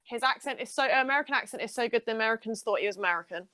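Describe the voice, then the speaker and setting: Chatty nurse co-host, eager and rambling, recorded dry. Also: female voice, on the high side, racing, bright, forceful tone, no room sound. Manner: enthusiastic, rambling. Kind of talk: casual chat.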